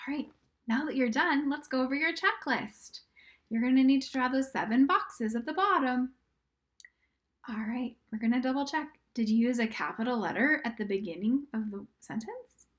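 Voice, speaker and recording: In a recorded lesson on reading and writing for little kids, a woman patiently encourages them, sounding out words slowly and at times lowering her voice to a whisper. Her voice is high-pitched with lively intonation.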